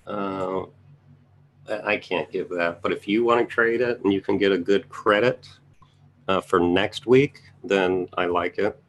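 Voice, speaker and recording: A man's voice: low voice, a little slow, a bit bright. A man giving casual live market commentary, thinking aloud as he scans charts and making chatty asides to his viewers. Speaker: trading educator reviewing charts.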